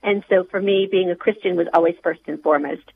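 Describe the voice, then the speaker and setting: A woman's voice: lowish voice, quick pace, narrow, tinny audio, slight background noise. Earnest woman guest on radio. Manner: earnest, hesitant, many fillers and restarts. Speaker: author and guest. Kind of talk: radio interview.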